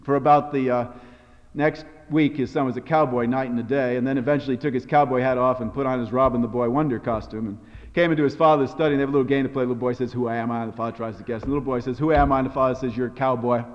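A man preaching a sermon, telling stories with a varied, expressive delivery. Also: medium pitch, racing. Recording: dull sound with long hall reverb.

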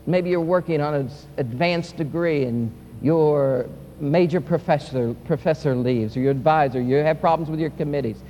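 A male pastor preaching a sermon, swinging from loud, impassioned peaks to quiet, soft passages. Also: a little high, moderate pace, few pauses, lo-fi sound. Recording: reverberant hall with faint hum.

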